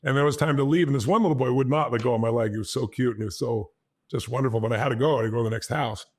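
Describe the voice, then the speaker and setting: A middle-aged man tells a personal story with a husky, somewhat breathy voice. His pitch sits in an ordinary middle range. He acts out the lines people said, jumping higher for the quoted parts. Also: rapid-fire. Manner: animated storytelling, acts out dialogue with pitch jumps. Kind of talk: personal story told to an audience.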